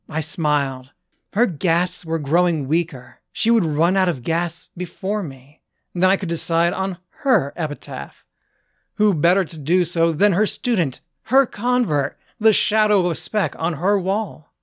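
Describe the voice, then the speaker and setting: A narrator reading an absurd short story in a deadpan, measured way. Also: medium pitch.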